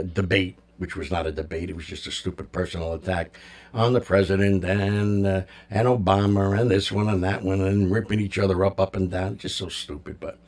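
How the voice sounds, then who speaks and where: A man hosting a music talk show, rambling casually in an opinionated, jokey way. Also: deep voice. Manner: chatty, opinionated, jokey, lots of fillers.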